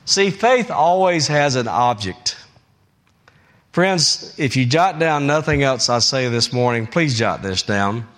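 Pastor, male, slow deliberate sermon delivery, slightly high voice, emphatic with big swings in pitch and volume. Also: lively intonation. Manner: emphatic, repetitive preaching with vivid analogies; wide swings from raised high emphasis to low quiet phrases.

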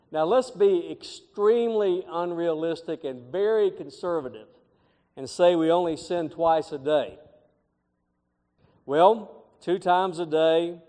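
A man's voice: a little high, warm tone. A middle-aged man preaching a sermon as pastor, with emphatic, swelling phrases. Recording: long hall reverb.

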